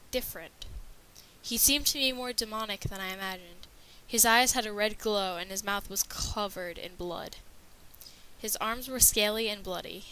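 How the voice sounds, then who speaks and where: A woman's voice: mid-range voice, sharp tone, rough recording. A woman narrating a scripted horror story with a dramatic reading manner.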